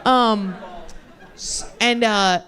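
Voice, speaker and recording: This young stand-up comedian speaks extremely slowly in a fairly high, steady, fairly bright voice. Her club set rambles in a self-deprecating way, with laughter breaking into her sentences as she loses her thread through many fillers and restarts.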